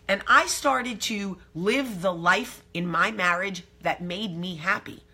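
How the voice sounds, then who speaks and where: Woman vlog host, brash and salty storyteller, bright with a husky grain. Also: mid-range voice, slow pace, hardly any pauses. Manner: brash, profane, animated storytelling. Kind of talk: candid storytelling to camera.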